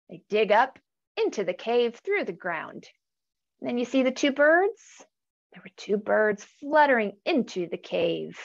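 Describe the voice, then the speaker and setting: A woman reading a picture book aloud to children, animated, gasping and asking questions as she goes. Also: a little high, creaky, dull audio. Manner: animated, gasps, asks listeners questions. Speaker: storytime reader.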